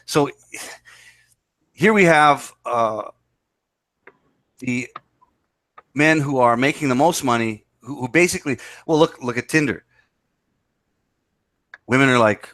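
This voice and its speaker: A man's voice: mid-range voice, slow pace, long pauses, a bit bright, dry recording. A man in a casual chat, explaining his views at length and repeating himself. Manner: lecturing, repetitive explaining. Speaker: podcast co-host.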